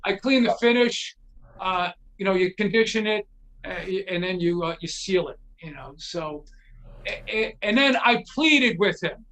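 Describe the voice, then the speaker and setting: A middle-aged man with a high, bright, forceful voice tells a rambling story as a guest. He acts out what each person said and drops the odd curse. It is loose, chatty talk. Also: moderate pace. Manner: animated anecdote teller, acts out quotes, swears freely. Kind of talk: casual storytelling.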